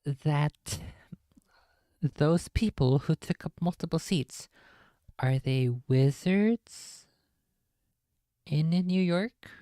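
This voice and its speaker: Low-voiced woman streamer reading aloud. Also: extremely slow, long pauses, warm tone, no echo. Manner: casual, jokey, swears in asides. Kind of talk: live-stream read-aloud with asides.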